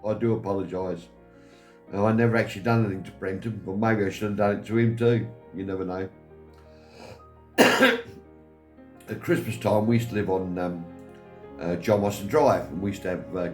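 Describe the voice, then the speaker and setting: A man's voice: on the low side, a little mellow. An older Englishman telling rambling, chuckling family stories in a vlog, acting out the voices of the people he quotes. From England. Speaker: vlogger. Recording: roomy with faint music behind.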